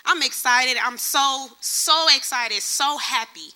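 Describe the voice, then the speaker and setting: Young woman preaching a testimony sermon, high and very bright, animated storyteller. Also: takes it slowly. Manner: lively storytelling, acts out other people's voices. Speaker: church speaker.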